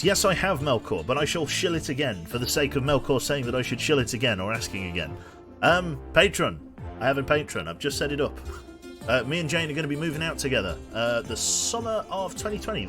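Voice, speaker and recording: Lively young guy on stream, chatting to chat, music from the game playing behind him. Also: mid-range voice. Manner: rambling, jokey, talks to chat. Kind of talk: casual live-stream chat.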